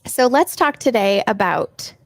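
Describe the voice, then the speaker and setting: A woman's voice: a little high, animated, unhurried, vocal fry, no room sound, studio quality. A middle-aged woman hosting a casual live Q&A stream on her own mic, chatty and upbeat, greeting viewers by name. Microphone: personal microphone.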